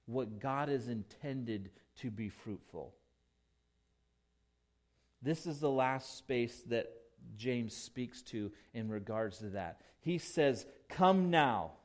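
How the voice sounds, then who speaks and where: A male pastor preaching a sermon, emphatic, with big swings between quiet and loud. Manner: slow, emphatic preaching with dramatic swings in volume and pitch.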